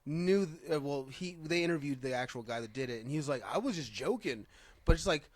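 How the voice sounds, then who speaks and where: A man hosting a casual podcast who rambles and keeps restarting his thoughts. His voice sits a little high. It is recorded close and dry, with no room sound. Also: fast, dry recording. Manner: rambling, restarts often, laughs easily. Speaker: podcast host. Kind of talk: casual chat.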